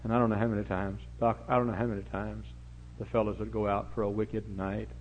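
Preacher guy, middle-aged, wanders off track then booms out, lowish voice, dull old tape w/ faint hum. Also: flat delivery, fast talker. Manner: rambling, digressive anecdotes with sudden loud emphatic rises. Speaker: pastor. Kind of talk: folksy storytelling sermon. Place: church service before a congregation.

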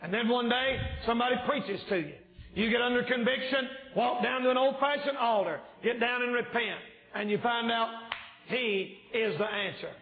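Male revival preacher, shouting fervent delivery, slightly strained voice, echoey church room. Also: extremely high pitch, moderate pace. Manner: yells and shouts when preaching. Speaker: evangelist preacher. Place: church sanctuary.

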